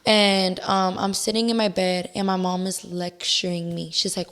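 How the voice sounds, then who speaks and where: A young woman speaking as a guest in a relaxed interview. Her voice sits in a middle pitch, and she tells things candidly and with animation, peppering her sentences with "like." She acts out her own past reactions as she goes. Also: moderate pace, hardly any pauses. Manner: candid, animated storytelling with many "like"s and re-enacted outbursts. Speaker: podcast guest. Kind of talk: casual interview chat.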